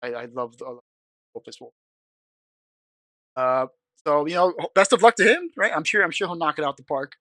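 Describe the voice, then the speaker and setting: A man's voice: a little high, lively intonation, a little fast, pauses often, a bit bright, no echo. A man co-hosting a podcast, chatting and teasing casually, swearing now and then. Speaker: podcast co-host. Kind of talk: casual chat.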